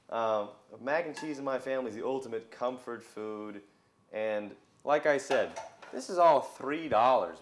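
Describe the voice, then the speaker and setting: A man's voice: medium pitch, a little hiss or hum. A young man with a mid-range voice talks a viewer through a cooking demo. He is chatty and folksy, narrating each step as he works in a home kitchen. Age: young adult. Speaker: cooking show host. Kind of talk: casual cooking demonstration.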